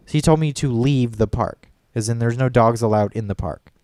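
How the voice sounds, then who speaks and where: A man's voice: medium pitch, fairly quick, darkish tone, dry recording. A man telling a story in casual chat as a podcast co-host, rambling and profane, full of fillers and restarts.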